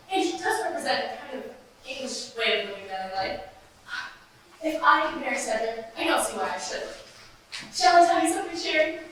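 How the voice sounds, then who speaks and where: Girl doing a dramatic glam actress, all darlings, high swooping voice, echoey hall far off. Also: pushed and bright. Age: young adult. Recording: echoey hall from a distant camera.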